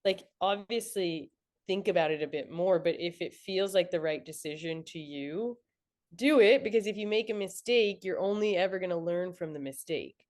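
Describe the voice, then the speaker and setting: A woman's voice: lowish voice, normal speed, a little mellow. A young woman entrepreneur talking through lessons in a casual interview, reflective and peppered with "like". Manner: reflective, frequent "like" fillers. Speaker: entrepreneur guest.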